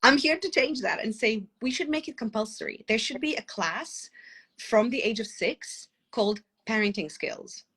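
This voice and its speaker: A woman's voice: on the high side, expressive, fairly bright tone, husky. A middle-aged woman, a parenting coach, talking passionately and at length in a podcast interview while she has a cold. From former lawyer living in London. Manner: passionate, fast, tangent-prone.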